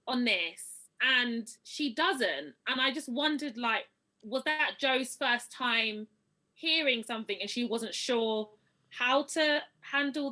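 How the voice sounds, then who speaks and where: A woman interviewer with a bright, crisp voice, asking chatty, reflective questions. Her pitch is fairly high and very lively. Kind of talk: conversational interview.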